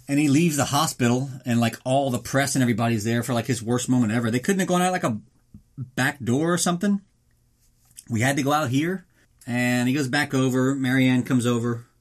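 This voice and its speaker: Male comedy podcast host, sarcastic, profane, casual, average pitch. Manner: sarcastic, profane, does quick mock voices for characters; reads a mock ad in an upbeat announcer tone. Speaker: podcast host recapping a film.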